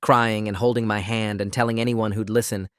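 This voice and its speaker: A man narrating a first-person story in a steady, even reading voice. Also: on the low side, fairly quick, clear, resonant tone, dry recording, clean studio sound. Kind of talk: scripted narration.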